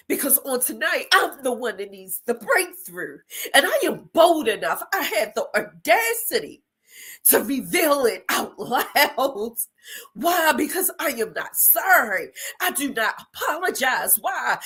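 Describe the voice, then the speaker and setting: A woman's voice: high voice, sing-song, a little slow, fairly bright tone, breathy edge. A middle-aged woman hosting an inspirational show, speaking in an emotional, preacher-like monologue with repeated phrases, near tears and defiant. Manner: preacher-like repetition, tearful and defiant. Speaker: host.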